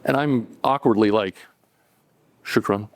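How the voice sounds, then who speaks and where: A middle-aged man telling a personal story to a live audience, relaxed and conversational, with chuckles and acted-out quotes. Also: mid-range voice, normal speed.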